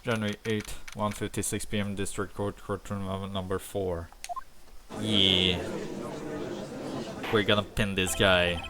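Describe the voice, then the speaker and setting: A man's voice: low-pitched, flat delivery, a little slow, long pauses, over loud music. A man casually reading a visual novel aloud as a streamer, with offhand comments and swearing. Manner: casual, swears, laughs at the game.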